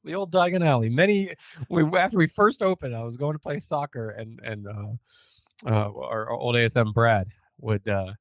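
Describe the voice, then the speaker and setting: A man's voice: medium pitch, moderate pace, no room sound. A man hosting a podcast in casual chat, rambling a little with fillers as he talks. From United States. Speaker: podcast host.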